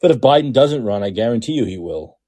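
A podcast host giving ranting political commentary, heated, profane and repetitive. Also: male voice, mid-range voice, animated, fast, warm tone, husky.

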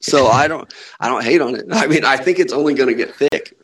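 A man with a husky, slightly breathy voice hosts a casual sports podcast, rambling and joking with his co-host. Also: medium pitch, a little fast, a bit bright, rough recording.

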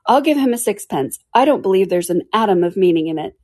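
A woman's voice: mid-range voice, expressive, fast talker, darkish tone, husky. A woman voicing a bold, indignant young girl who speaks her mind in a storybook reading. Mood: defiant. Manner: indignant, outspoken.

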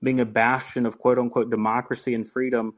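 A man calls in to a podcast and rambles earnestly through his point. His voice sits in a middle pitch. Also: level tone, fairly quick. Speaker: caller. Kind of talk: call-in discussion.

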